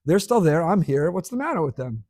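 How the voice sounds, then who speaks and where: A man's voice: fairly high pitch, very animated, brisk, a little mellow, no echo. A middle-aged man giving an emphatic sermon, repeating key words and asking rhetorical questions.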